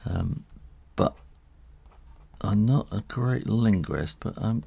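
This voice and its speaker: A man's voice: lowish voice, slow pace, gravelly, dark tone, husky, no echo. A man who illustrates books, talking through a live drawing tutorial in a chatty, rambling way with frequent chuckles, working in a studio next to his house. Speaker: illustrator and author.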